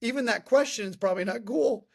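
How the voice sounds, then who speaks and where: A man in his thirties hosting a podcast, telling comic stories in a casual, animated way and often laughing. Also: very high voice, fast talker, creaky. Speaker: podcast host. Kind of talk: casual comedic storytelling.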